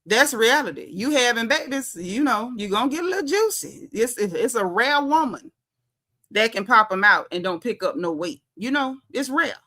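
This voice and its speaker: Sassy, bright-voiced woman dishing reality TV. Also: fairly high pitch, expressive, moderate pace. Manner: sassy, emphatic, repeats her punchlines; talks straight to viewers as y'all. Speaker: reality TV commentary vlogger. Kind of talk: casual reality TV commentary.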